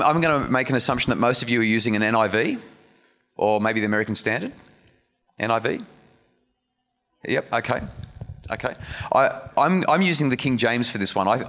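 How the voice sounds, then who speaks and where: A man's voice: mid-range voice, fairly bright tone. A man preaching a sermon in a church hall, earnest and conversational, with restarts and asides to the audience. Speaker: speaker giving a church message. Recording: long reverb of a hall.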